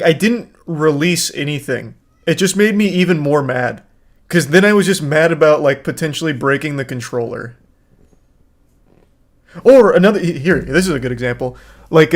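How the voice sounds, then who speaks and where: Casual swearing streamer man. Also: on the high side. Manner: rambling, swears casually, laughs at himself. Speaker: streamer reacting to a video. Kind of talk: casual commentary.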